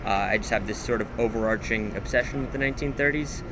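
A man's voice: fairly low pitch, quick pace, background noise. A young man, an auction house president, talking eagerly and in detail about his stamp collection at a busy stamp show. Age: young adult. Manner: enthusiastic, detailed, with frequent fillers. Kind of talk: casual interview at a stamp show.

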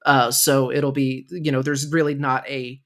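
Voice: medium pitch, flat delivery, unhurried, a bit bright. A podcast co-host in casual chat, hedging and hesitant, with many restarts and fillers.

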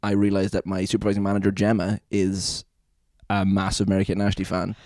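A young Irish man co-hosting a casual chat podcast, telling animated stories with lots of swearing and laughter. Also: sits low, a little fast, dry recording. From Ireland. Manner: animated storyteller, swears freely, laughs often. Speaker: podcast co-host.

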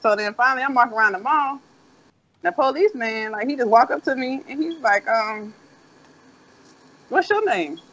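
A man with a high voice tells a long, winding story, swearing in a laid-back way. The sound is dull and lo-fi. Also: animated, moderate pace, pauses often, pushed and bright. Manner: rambling, profane, laid-back. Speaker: co-host. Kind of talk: casual storytelling chat. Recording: dull lo-fi audio.

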